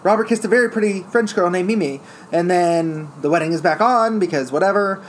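Brief: easygoing storyteller recapping a show, middle pitch, light background noise. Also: fairly quick. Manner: storytelling, acts out lines in quoted voices. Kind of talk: casual chat retelling a musical's plot.

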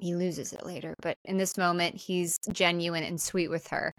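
Animated woman recapping a movie. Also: on the low side, normal speed, dry recording. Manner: animated storyteller, acts out quotes. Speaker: podcast co-host. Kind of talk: casual film recap chat.

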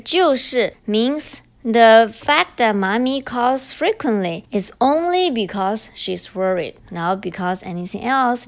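A woman hosting a language-learning podcast, with a fairly high voice that rises and falls a lot. She explains grammar patterns patiently and repeats each example sentence clearly. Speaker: podcast host and Chinese teacher. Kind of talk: bilingual language lesson.

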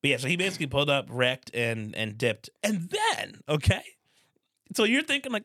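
A young man co-hosting a podcast, telling a story in a casual, animated and vulgar way and acting out what people said. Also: a little high, moderate pace, dry recording, clean studio sound. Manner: animated, vulgar, acts out quotes. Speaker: podcast co-host.

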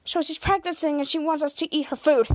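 Woman reading flustered mom, nervous and pleading, high voice. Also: fairly even intonation, brisk, no echo, close to an everyday voice. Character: flustered suburban mother.

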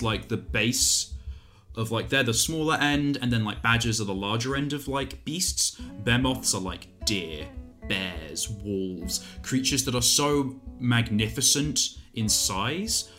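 A game master explaining a fantasy setting to a player, halting and full of fillers. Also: mid-range voice, pushed and bright, soft background music. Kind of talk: describing a tabletop setting.

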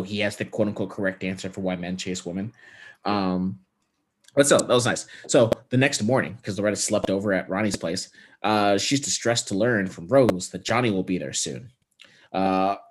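A man co-hosting a movie podcast, summarizing the plot casually with sarcastic asides and quick quoted lines. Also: fairly low pitch, husky. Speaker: podcast co-host. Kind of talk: casual chat recapping a movie.

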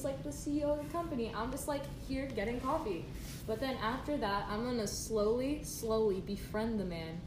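A woman's voice: on the high side, brisk. A young woman co-hosting a casual podcast, laughing as she lays out a scheming plan, recorded without microphones. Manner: playful, laughing, scheming storyteller. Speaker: podcast co-host, student technical director. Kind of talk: casual chat. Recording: echoey room, noisy, no microphone.

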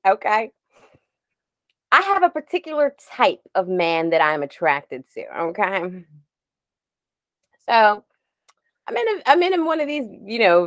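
Animated, chatty woman in her forties. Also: medium pitch, dry recording. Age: 40s. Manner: animated, laughing storyteller who drifts off on tangents. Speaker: podcast co-host. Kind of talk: casual chat.

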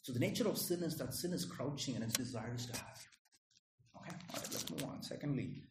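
A man's voice: mid-range voice, expressive, brisk, background noise. A man preaching a sermon in a conversational way, often checking in with "Right?" and "Okay?". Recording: echoey room.

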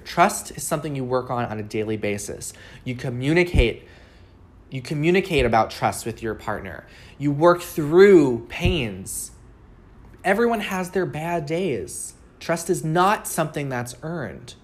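A woman's voice: low-pitched, lively intonation, measured pace. A woman speaking as a relationship coach, talking earnestly in a solo advice episode and asking rhetorical questions.

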